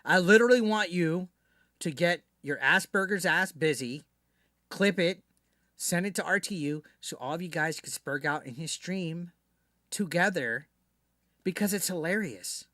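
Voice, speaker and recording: A man's voice: high voice, expressive, a little slow, sharp tone, no echo, clean studio sound. A man streaming live, ranting to his chat in a brash, profane, mocking way.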